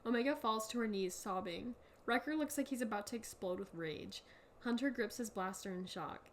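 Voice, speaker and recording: A young woman co-hosts a casual chat podcast and reads a story aloud in halting, giggly bursts. Her voice sits a little high, with a faint hiss behind it. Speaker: podcast co-host.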